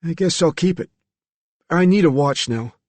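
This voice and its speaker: Guy narrator doing a mixed-up young dude, high, quiet, unsure, kinda breathy. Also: lively intonation, no echo. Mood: confused. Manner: hushed, uncertain, halting. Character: young troubled man, bewildered and soft-spoken.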